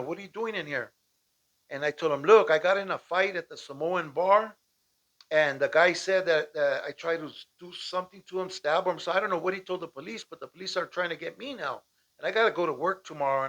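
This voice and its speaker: A man from Southern California telling a personal story in a casual, animated way, often asking "right?" and acting out shouted lines. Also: a little high, muffled recording. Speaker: storyteller recounting a personal escape. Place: at home with dogs nearby.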